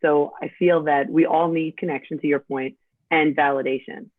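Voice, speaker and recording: A woman's voice: low-pitched, fairly even intonation, normal speed, no echo. A woman from New York with a New York accent, a guest talking in a chatty, straightforward way in a casual interview. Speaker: podcast guest. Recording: tinny phone-like line.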